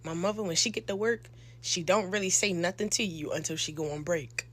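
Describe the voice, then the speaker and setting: A young woman, telling a slangy, animated storytime into a close phone mic. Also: lowish voice, fairly quick. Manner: animated, slangy, acts out quotes with loud shouts. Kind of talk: storytime monologue.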